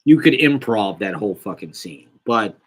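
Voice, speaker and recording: Rambling, profane man, lowish voice. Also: lively intonation, normal speed, husky. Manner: rambling, profane, self-deprecating. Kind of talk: casual monologue.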